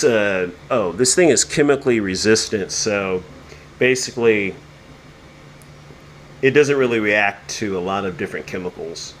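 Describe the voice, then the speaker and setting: A man's voice: fairly low pitch, fairly bright tone, rough recording. A man giving a casual show-and-tell tour of his home lab, rambling with lots of fillers and restarts. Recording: air conditioning hum behind.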